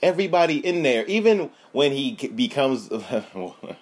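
A man's voice: mid-range voice, normal speed. 30s guy ranting about a movie, cussing, voice swings all over. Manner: animated, profane, laughing asides. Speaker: comedian host. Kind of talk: profane comedic rant.

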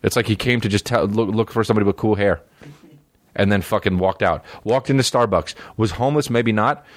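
A man's voice: fairly low pitch, fairly quick, dry recording. A male comedian hosting his podcast, telling loose, profane, meandering stories full of fillers in a studio. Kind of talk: rambling casual storytelling. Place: recording studio.

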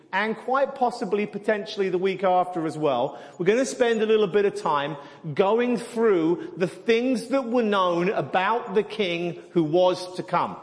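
Man, preacher, sermon, animated teaching, reverberant hall. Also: high voice. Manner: animated teaching with repeated words. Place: church hall.

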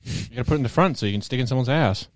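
A man's voice: mid-range voice, very fast, no echo. A man dropping short, crude quips in casual podcast banter.

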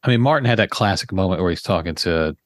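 A low-pitched man hosting a podcast in a casual, laid-back way, recounting comedy bits to his co-hosts. The sound is dry and close. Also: lively intonation, quick pace, no room sound. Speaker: podcast host. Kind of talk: casual chat.

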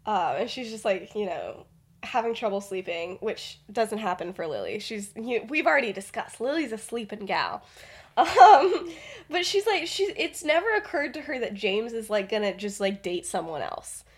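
A woman's voice: medium pitch, animated, normal speed, slightly rough. Chatty young woman rambling through a story. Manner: chatty, rambling, many fillers and laughs. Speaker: podcast host. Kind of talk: casual storytelling.

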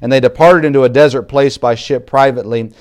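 A man preaching a sermon, reading scripture aloud in King James wording and building from quiet reflection to louder emphasis. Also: mid-range voice, steady tone, fast talker.

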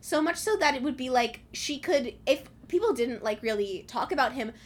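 A young woman with a somewhat high voice chats about a book on a podcast. She is animated and laughs easily, and she swears freely as she thinks her points through out loud. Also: moderate pace. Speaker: podcast co-host. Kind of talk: casual chat about a book.

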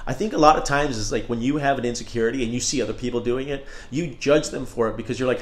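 A man's voice: mid-range voice, fast, few pauses. A man hosting a casual solo podcast, talking in a rambling, candid and profane way. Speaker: podcast host. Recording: roomy echo.

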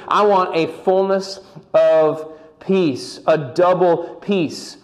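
A male pastor delivers a sermon with a slightly high-pitched voice. He often repeats himself and restarts phrases, and he slows down to lean on key words. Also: highs cut off.

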